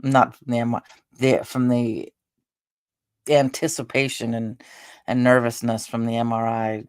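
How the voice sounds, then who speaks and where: A woman hosting a casual live stream, rambling along with halting restarts and fillers, sounding tired and drained. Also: very deep voice, flat delivery, clean tone, no echo, clean studio sound. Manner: meandering, halting talk with many restarts and fillers. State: tired and drained after a stressful day. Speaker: livestream host.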